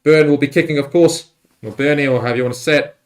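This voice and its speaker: Guy doing a rugby watchalong stream, kinda high voice, lots of uhs, gets hyped on tries. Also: quick pace. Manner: excitable, pitch jumps on big plays; rambling with fillers and restarts. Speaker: livestream host. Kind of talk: live match watchalong commentary.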